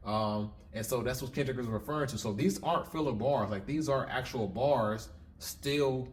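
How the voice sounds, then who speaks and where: A man's voice: mid-range voice, moderate pace, a little hiss or hum. A man hosting a lyric breakdown channel, talking in a casual, methodical way and explaining step by step with frequent restarts.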